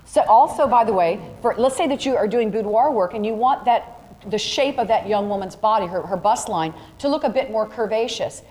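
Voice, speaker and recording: A woman teaches a photography workshop to a live audience in a large room, chatty and direct as she walks students through demonstrations. Her voice is medium-pitched, darkish, and a little fast, recorded in a reverberant hall with faint ambient noise.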